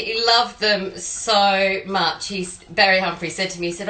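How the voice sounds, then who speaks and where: While baking a pie, an Australian home cook and private chef tells long rambling anecdotes in a chatty demo. She speaks at a measured pace with few pauses, her mid-range voice bright, forceful and fairly even in intonation, over poor, reverberant audio.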